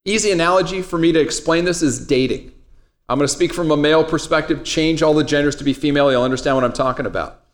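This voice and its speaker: Guy teaching a trading class, bit high voice, jokey, chatty, talks right at the students. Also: quick pace. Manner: casual, joking, talks to students directly. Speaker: trading instructor. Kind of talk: classroom lecture.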